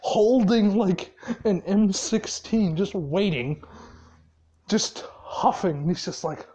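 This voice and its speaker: A rambling, profane storyteller spinning a fan-made story in loose, casual speech full of fillers and laughs. The pitch is lively and swings widely. The pace is slow and unhurried. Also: lo-fi sound.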